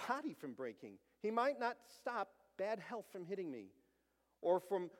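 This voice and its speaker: A man's voice: high-pitched, a little mellow. A middle-aged man preaching a sermon, earnest and full of stories. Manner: storytelling, earnest. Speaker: pastor. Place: church sanctuary. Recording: long church reverb.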